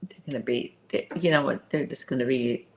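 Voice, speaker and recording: A woman co-hosting a casual podcast chat, teasing and quick to correct and suggest ideas. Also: very deep voice, creaky. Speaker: podcast co-host.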